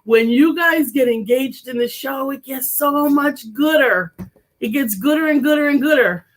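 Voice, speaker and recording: A woman co-hosting a live talk show, chatting casually and reading viewer comments aloud, effusive and quick to laugh. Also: high voice. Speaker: co-host.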